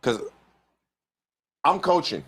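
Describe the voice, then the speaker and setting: A man's voice: fairly high pitch, sing-song, takes it slowly, a bit bright, husky. Blunt man talking like a coach. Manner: blunt, no-nonsense coach talk. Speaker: sports TV panelist. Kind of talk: sports debate show talk.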